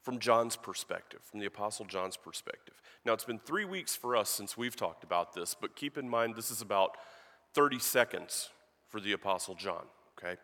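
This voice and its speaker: A man's voice: on the low side, animated, moderate pace, bright, forceful tone. A man giving a sermon as a guest preacher in a church, telling a joke and reading scripture in a conversational, storytelling manner. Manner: conversational, storytelling with acted voices. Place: church sanctuary. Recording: long reverb of a church hall.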